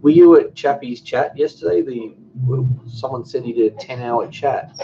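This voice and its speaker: A man's voice: medium pitch, normal speed, vocal fry. An Australian man in his forties hosting a cooking channel, chatting casually on a live stream, reading viewer comments aloud and often restarting his sentences. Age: 40s. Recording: dull lo-fi stream audio with music. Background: music.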